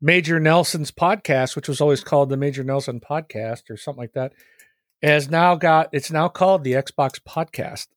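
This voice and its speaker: A man's voice: on the high side, moderate pace, no echo, studio quality. A man co-hosting a casual gaming podcast, chatty and teasing, laughing often as he talks. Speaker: podcast co-host.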